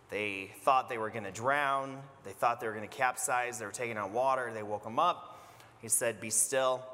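A man preaching a sermon as pastor, retelling a story in a conversational, animated way. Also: mid-range voice, in a large hall.

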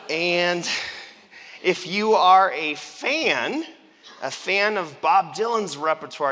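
Man, pastor; sermon, chatty and playful; crisp bright tone; big echoing sanctuary. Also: medium pitch, a little hiss or hum. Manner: conversational, playful, engages the congregation. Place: church sanctuary. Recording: long church reverb.

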